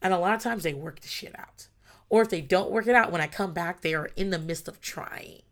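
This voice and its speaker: A woman with a slightly low voice talks frankly about raising her kids. She swears freely and acts out little scenes, shifting into her kids' whiny voices and her own stern or thankful tones. Her delivery is animated and casual. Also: brisk. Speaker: parent. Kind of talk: casual talk to camera about parenting.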